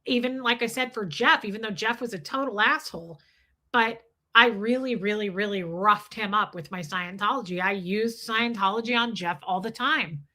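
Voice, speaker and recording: A woman's voice: mid-range voice, normal speed, pushed and bright. A woman hosting a casual livestream, answering viewers in a candid, blunt way and swearing freely. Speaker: livestream host.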